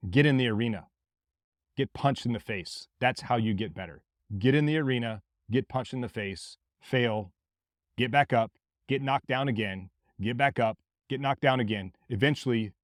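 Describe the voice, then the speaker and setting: A man from Mississippi with a Southern accent, hosting a podcast as a blunt, forceful motivational monologue with plenty of swearing. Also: medium pitch, dry recording, clean studio sound. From Mississippi, USA. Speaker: podcast host.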